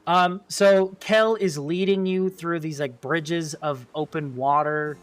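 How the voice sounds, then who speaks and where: A young man narrating a tabletop game as game master, descriptive and quick to laugh. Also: a little high, fairly even intonation, faint music behind.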